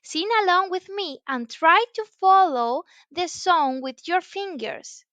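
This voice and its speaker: A woman teaching a children's English lesson in a slow, exaggerated, encouraging sing-song way, with frequent praise. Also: extremely high pitch, lively intonation, bright, forceful tone, no room sound. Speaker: English teacher for young learners.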